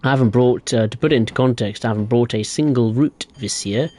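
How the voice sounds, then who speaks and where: A man's voice: medium pitch, brisk, a little mellow. A young man live-streaming a train game, chatting casually and answering viewers in a rambling way. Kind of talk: live gameplay commentary.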